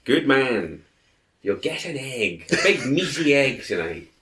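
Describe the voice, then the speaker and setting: A man's voice: mid-range voice, very animated, measured pace, over a noisy crowd. A man playing a tabletop role-playing game, hesitant with fillers and laughter, describing his character's actions. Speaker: player.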